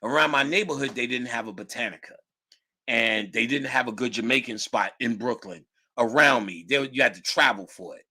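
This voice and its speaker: A middle-aged man telling casual stories in a lively, profane, slangy way, laughing often. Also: mid-range voice, brisk, husky. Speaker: guest storyteller. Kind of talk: casual storytelling.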